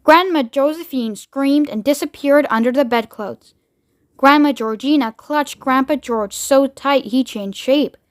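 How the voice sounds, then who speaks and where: A woman reading a children's book aloud with steady, expressive storytelling. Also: sits high, measured pace, no room sound, studio quality. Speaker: read-aloud reader.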